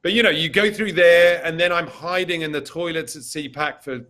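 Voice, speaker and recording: A man with a slightly raised voice tells a comic story as an interview guest. He talks in an animated way and acts out what the other people in the story say. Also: fairly high pitch, moderate pace. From England. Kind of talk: comic anecdote.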